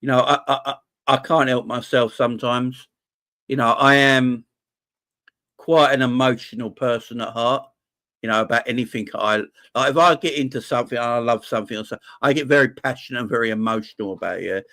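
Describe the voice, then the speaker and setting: A man's voice: mid-range voice, steady tone, brisk, bright, forceful tone. A man who has a wife and kids, hosting a live fan chat stream about football, passionate and emotional, and often repeating himself. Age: adult, married with kids. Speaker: fan channel host.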